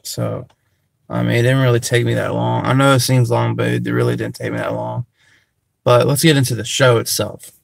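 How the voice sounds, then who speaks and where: A man's voice: mid-range voice, steady tone, moderate pace, vocal fry, dry recording, clean studio sound. A man giving a casual, rambling review of a TV show, full of "like" fillers.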